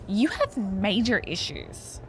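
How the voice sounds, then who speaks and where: A woman's voice: medium pitch, very animated, slow, a little hiss or hum. An actress with an Australian accent voicing a brash, mocking young female wrestler in a game cutscene. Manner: mocking, blunt. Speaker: pro wrestler. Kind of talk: video game cutscene acting.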